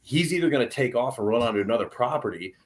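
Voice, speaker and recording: A young adult man telling a hunting story on a podcast in an excited, animated way, with many restarts. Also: medium pitch, fast talker. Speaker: podcast guest. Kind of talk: casual storytelling.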